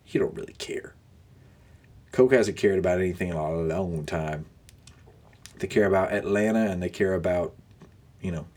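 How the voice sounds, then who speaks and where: A man's voice: deep voice, a little mellow, slightly rough. A young man hosting a podcast, ranting sarcastically with frequent groans of disgust. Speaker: podcast host. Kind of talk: casual ranting monologue.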